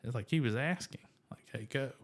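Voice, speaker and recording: A man shares his faith story with friends in casual storytelling. His delivery is animated and self-deprecating, and he leans heavily on fillers as he talks. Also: mid-range voice, a little fast, creaky. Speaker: guest sharing testimony.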